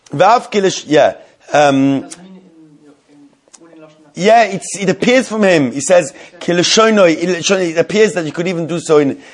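A man giving a Torah class, reading Hebrew lines slowly and then explaining them in English with frequent restarts. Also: on the high side. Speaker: Torah teacher.

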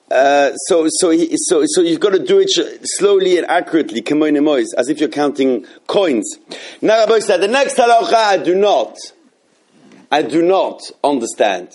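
Male Torah teacher, slightly higher voice, rambling delivery full of restarts. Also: a little mellow. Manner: rambling, many restarts and fillers. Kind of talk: halacha class.

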